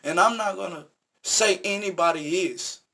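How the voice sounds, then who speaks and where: High-voiced man telling a story. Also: normal speed, gravelly, bright, forceful tone. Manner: earnest, repetitive, emphatic. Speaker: vlogger. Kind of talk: casual storytelling monologue.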